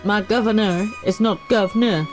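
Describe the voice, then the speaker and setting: A woman chats while streaming a game live, full of wry jokes at her own expense. Her pitch jumps around in a lively way, and faint music plays behind her. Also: moderate pace, vocal fry, rough recording. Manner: chatty, self-mocking asides.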